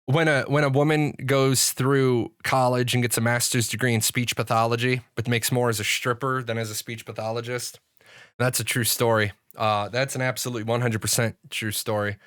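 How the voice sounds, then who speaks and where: Male streamer, casual rambling, mid-pitched, dry close mic. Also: level tone, normal speed, fairly bright tone, no echo. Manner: rambling, laughing at own jokes. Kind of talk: casual chat.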